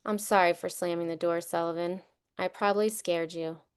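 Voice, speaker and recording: A woman reading a children's book aloud, voicing a loving grandmother who speaks softly and calmly to her grandson. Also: medium pitch, normal speed, smooth, natural voice. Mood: tender. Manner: soft, calm and reassuring. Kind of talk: storybook read-aloud.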